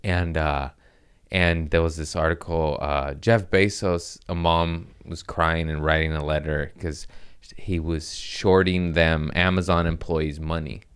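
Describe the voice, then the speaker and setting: A man hosting a comedy podcast, rambling in casual chat while high, self-mocking and breaking into fits of laughter. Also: steady tone, unhurried, smooth. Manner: giggly, stoned, self-mocking with bursts of laughter.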